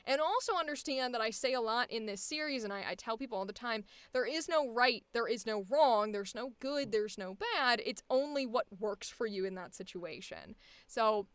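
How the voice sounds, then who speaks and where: A woman's voice: on the high side, expressive, moderate pace, smooth, dry recording. A woman coaching voice acting, rambling cheerfully, swearing freely and laughing often as she talks. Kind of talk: casual coaching chat.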